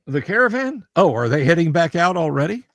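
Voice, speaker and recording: A man's voice: fairly high pitch, big pitch swings, fairly quick, fairly bright tone, no room sound, clean studio sound. A man running a tabletop game on a livestream, talking in a casual, friendly way and often repeating words as he goes. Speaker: game master.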